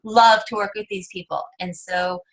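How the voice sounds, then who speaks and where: A woman on a coaching call, nervous and excited, giggling as she asks for advice. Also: mid-range voice, moderate pace, rough recording. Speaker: team member asking a question.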